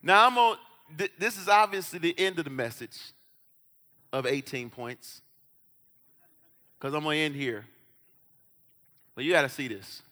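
A man preaching a sermon in a big hall, his high, very bright voice trailing off into long reverb. He takes his time, dropping low and quiet, then rising into shouts as he acts out voices from scripture. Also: unhurried, pauses often. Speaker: pastor.

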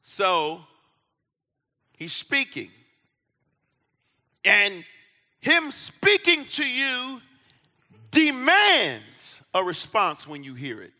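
High bright-voiced preacher in a reverberant hall. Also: male voice, wildly swooping pitch, extremely slow, long pauses. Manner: preaching, swings between quiet asides and shouts, acts out Bible voices. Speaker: pastor. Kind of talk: sermon.

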